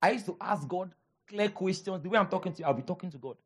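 A man with a Nigerian accent preaching a sermon as pastor, animated, repeating his lines for emphasis and calling out to the congregation. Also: high-pitched, quick pace, breathy edge.

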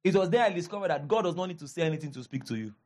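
A pastor with a Nigerian accent preaches an animated sermon in a fairly high, rapid-fire voice. He repeats his lines for emphasis and calls out to the congregation.

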